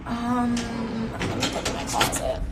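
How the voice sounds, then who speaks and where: Very animated and a little high-voiced, a young beauty influencer speaks at normal speed to viewers on her phone live stream. She rambles on, giggles, and uses lots of fillers, with heavy background noise in an echoey room with faint ambience.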